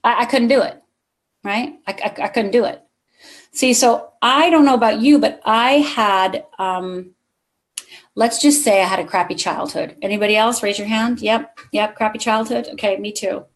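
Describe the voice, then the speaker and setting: A woman's voice: fairly high pitch, moderate pace. A middle-aged woman giving a motivational keynote to a live conference audience, telling a personal story and speaking straight to the crowd.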